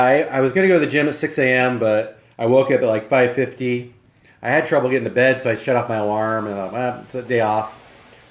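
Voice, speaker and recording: Rambling young Midwestern man in an echoey kitchen. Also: medium pitch. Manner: rambling, friendly, talks with mouth full. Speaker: streamer. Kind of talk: casual live-stream chat. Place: home kitchen.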